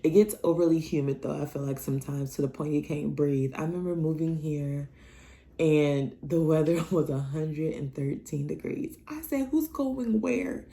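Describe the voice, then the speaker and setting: A woman from Nebraska telling a casual personal story on her vlog, chatty, laughing as she talks and breaking into lively asides. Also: low-pitched, moderate pace. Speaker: vlogger.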